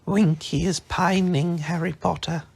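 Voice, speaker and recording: A man doing an earnest, high little house-elf. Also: fairly even intonation, gravelly, husky, heavily acted. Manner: eager, quick to scold. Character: earnest devoted male house-elf, humble.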